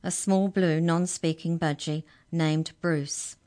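A woman's voice: sits low, fairly even intonation, takes it slowly, mellow. A woman voicing a precise, formal female prosecutor who speaks carefully and pompously in a children's story.

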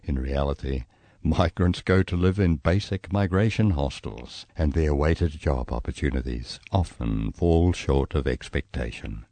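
Brief: male memoir narrator, New Zealand accent, low and very expressive, dry close sound. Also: dry recording. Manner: lively storytelling, voicing quoted people with raised pitch. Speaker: memoir reader. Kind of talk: dramatised memoir reading.

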